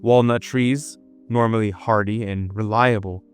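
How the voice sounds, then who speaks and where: A man's voice: lowish voice, steady tone, measured pace, smooth, soft background music. A man hosting a video in earnest, dramatic scripted narration. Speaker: video host.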